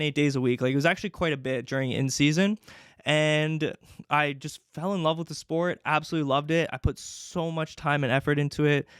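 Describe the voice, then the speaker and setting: Chatty young man, slightly high voice. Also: fairly bright tone, smooth, no room sound, clean studio sound. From Canada. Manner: chatty, many fillers. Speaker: podcast host. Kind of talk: casual storytelling.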